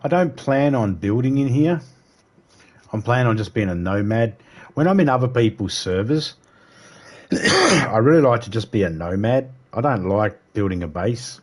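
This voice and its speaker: A man's voice: mid-range voice, lively intonation, normal speed. A man with an Australian accent rambling and swearing freely while streaming a game live. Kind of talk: casual livestream chat.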